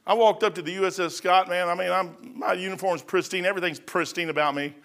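A man preaching a sermon in a folksy, conversational way, swinging between loud outbursts and hushed asides. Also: high-pitched, fairly even intonation, quick pace.

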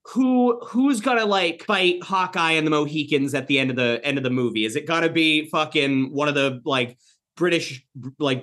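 A man co-hosting a podcast, talking casually about a film, rambling with lots of fillers and swearing. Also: a little high. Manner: rambling, animated, swears a lot, many fillers. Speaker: podcast co-host. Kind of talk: casual movie discussion.

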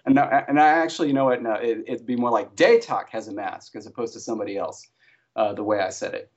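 A man's voice: mid-range voice, fairly even intonation, quick pace. A man who consults on invented alien languages for a TV series, answering interview questions casually with many restarts and fillers. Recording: dull lo-fi sound.

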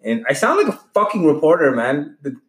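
A man hosting a casual podcast chat, loose and quick to laugh, backing others with mm-hmms. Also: fairly high pitch, very animated. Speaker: podcast host. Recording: roomy echo.

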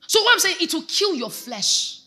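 A woman's voice: extremely high pitch, big pitch swings, normal speed, pushed and bright. A Nigerian woman pastor preaching a sermon, exhorting her congregation and asking them questions. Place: church.

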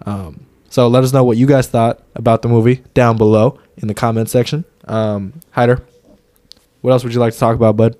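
A man's voice: mid-range voice, level tone, brisk, mellow, no room sound. Male podcaster, casual chat, jokey and loose, dry close sound. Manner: loose and jokey, swears, stumbles on names. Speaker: podcast co-host. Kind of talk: casual movie review chat.

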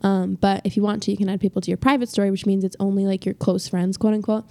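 A woman's voice: medium pitch, fairly even intonation, fast, warm tone. A teenage girl co-hosting a casual family podcast, bubbly and giggly with lots of filler. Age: teens. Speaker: podcast co-host, daughter.

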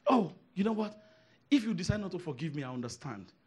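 A man preaching a sermon, emphatic, repeating phrases and swinging from hushed asides to shouted declarations. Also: high-pitched, big pitch swings, fast talker, slightly rough.

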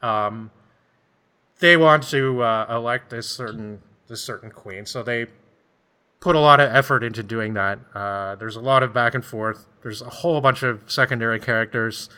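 Man with a bright, mid-pitched voice, chatty and rambling, laughs easily. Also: normal speed, smooth. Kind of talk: casual chat.

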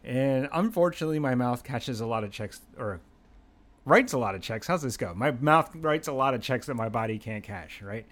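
A young adult man from Pennsylvania hosting a podcast, telling a story in a rambling, animated, self-mocking way and swearing freely. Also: medium pitch, a little fast, hardly any pauses. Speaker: podcast host. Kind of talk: casual storytelling monologue.

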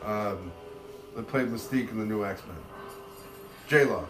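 A man's voice: on the low side, unhurried, fairly bright tone, reverberant, soft background music. A man co-hosting a podcast, chatting casually in a blunt, opinionated way with mild swearing. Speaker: podcast co-host. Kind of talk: casual chat.

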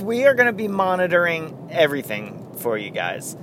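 A man's voice: high-pitched, sing-song, normal speed, a bit bright, slight background noise. A man hosting a casual solo sports podcast, rambling and correcting himself as he goes, with frequent chuckles. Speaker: podcast host.

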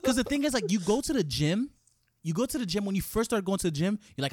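A man in casual chat as a co-host, animated and often acting out gym banter. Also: high voice, fast talker, dry recording, studio quality. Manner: animated, acts out gym banter in quoted lines.

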